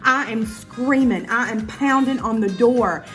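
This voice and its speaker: A woman telling a casual storytime to her viewers, animated and full of profanity. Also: a little high, measured pace, soft background music. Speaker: YouTuber.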